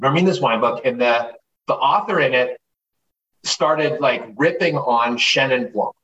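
Animated man in a roomy distant recording. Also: mid-range voice, a little slow, lo-fi sound. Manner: animated, profane, acts out quoted voices. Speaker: guest, wine writer. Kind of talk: casual storytelling interview. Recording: roomy, distant mic, faint noise.

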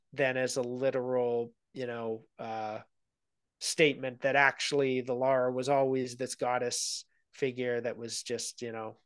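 A man's voice: medium pitch, smooth, no room sound. A man talking at length in a casual interview as a guest film analyst, thoughtful and a little rambling. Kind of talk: casual conversation.

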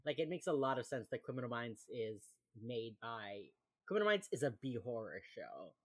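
A female podcast co-host with a rumbling low voice walks through a TV episode at a moderate pace in a casual show. She animatedly voices the characters' lines as she goes.

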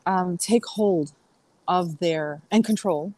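A woman's voice: fairly low pitch, slow, darkish tone, no echo, rough recording. A middle-aged woman chatting as a podcast guest, rambling through stories with fillers and restarts. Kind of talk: casual podcast conversation.

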